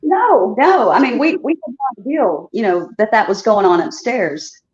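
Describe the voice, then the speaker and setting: A woman's voice: a little high, lively intonation, moderate pace, darkish tone, muffled recording. A woman from Chicago calling in to a show, telling a story chattily with laughing asides. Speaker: caller. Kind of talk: casual storytelling on a call-in.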